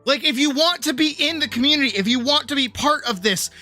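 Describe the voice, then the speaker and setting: A streamer and animator ranting casually on a livestream, swearing a lot and swinging between low mutters and shouted outbursts. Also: quick pace, faint music behind.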